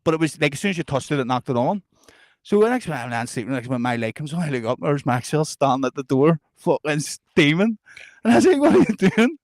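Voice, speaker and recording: A man co-hosting a podcast, telling stories in a casual, animated way, often laughing and swearing. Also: on the high side, fast talker, dry recording, studio quality. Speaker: podcast co-host. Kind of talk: casual storytelling chat.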